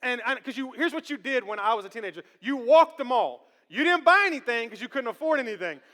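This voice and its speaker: A man in his thirties preaching a sermon as pastor, animated and joking with the congregation. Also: very high-pitched, quick pace. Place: church sanctuary. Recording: long church hall reverb.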